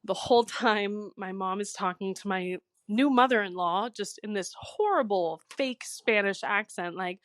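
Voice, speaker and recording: A woman's voice: mid-range voice, normal speed, hardly any pauses, dry recording. A young woman telling a cringe story in a chatty, exasperated way, as a recorded voice message to a podcast. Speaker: listener sending in a story.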